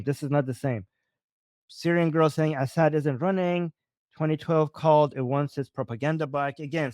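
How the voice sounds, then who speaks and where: A man's voice: on the high side, no echo, clean studio sound. A man with a Persian accent giving casual live commentary on videos, thinking aloud with frequent restarts and self-corrections.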